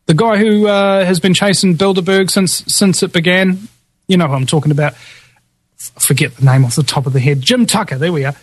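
A man's voice: high voice, fairly quick, no room sound. A man hosting a podcast, casually running through past guests in a rambling way, with lots of fillers and chuckling asides. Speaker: podcast host.

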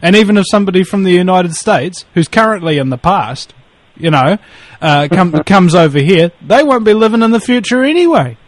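A man's voice: high voice, brisk, few pauses, dry recording. A man chatting casually on a call, telling rambling stories, swearing and laughing at his own jokes. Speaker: podcast guest. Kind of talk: casual chat.

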